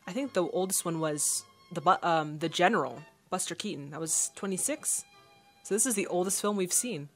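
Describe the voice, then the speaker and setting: A woman's voice: fairly low pitch, normal speed, faint music behind. A woman hosting a casual movie reaction, chatting and thinking aloud as the film plays.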